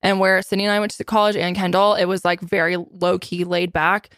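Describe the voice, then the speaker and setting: A woman's voice: on the low side, flat delivery, a little fast, fairly bright tone, dry recording, studio quality. A woman in her late twenties hosting a podcast in casual chat, playful and jokey with swearing. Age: 20s. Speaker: podcast host.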